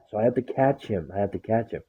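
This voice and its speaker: A man's voice: fairly low pitch, creaky, dark tone, slightly rough. A man rambling about his dog in casual chat, swearing a lot and acting out what he says to it. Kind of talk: casual profane storytelling. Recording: tinny phone-like sound.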